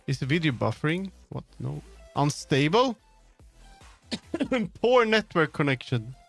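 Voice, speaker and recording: A man's voice: a little high, sing-song, takes it slowly, gravelly, faint music behind. A man streaming live, chatting casually and muttering to himself as he troubleshoots. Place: home streaming setup.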